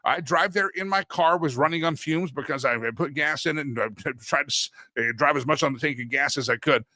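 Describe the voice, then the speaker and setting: A man's voice: fairly high pitch, fairly quick, bright, forceful tone, no echo, studio quality. A middle-aged man hosting a talk show, telling rambling personal stories and often correcting himself mid-sentence. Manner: rambling, anecdotal, self-correcting. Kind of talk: casual talk show monologue.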